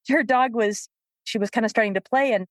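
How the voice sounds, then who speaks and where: A woman co-hosting a podcast, a dog trainer telling stories with a lively manner and frequent laughter. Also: a little high, moderate pace, dry recording, studio quality. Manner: lively storyteller, laughs often. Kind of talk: casual podcast chat.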